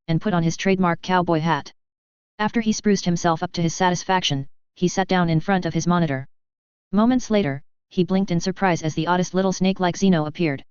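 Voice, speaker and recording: A woman narrating a science fiction story in a steady, even storytelling voice, in a dull lo-fi recording. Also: lowish voice, clean tone, dry recording. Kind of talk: audiobook narration of a sci-fi story.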